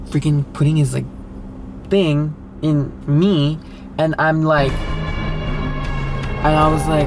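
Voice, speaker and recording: A man's voice: on the high side, flat delivery, fairly quick, music in the background. A young man telling a candid personal story in a casual vlog, talking loosely with lots of fillers and swearing. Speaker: vlogger.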